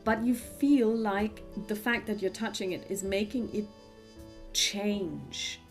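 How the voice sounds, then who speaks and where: A woman who narrates scenes as the game master, with frequent pauses and fillers. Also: medium pitch, soft background music. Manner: descriptive, with frequent fillers and restarts.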